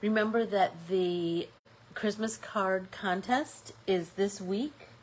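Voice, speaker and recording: A woman's voice: medium pitch, takes it slowly, a little hiss or hum, poor audio. A woman with a stuffy nose hosting a live-stream art class, chatting casually and thinking aloud with fillers as she paints.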